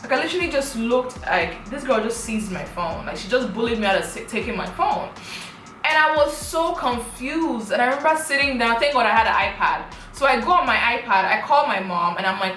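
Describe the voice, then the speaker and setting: A woman's voice: a little high, expressive, fairly quick, fairly bright tone, echoey room, slight background noise, poor audio. A young woman, animatedly retelling a personal story on her vlog, full of rhetorical questions. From Africa. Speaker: vlogger.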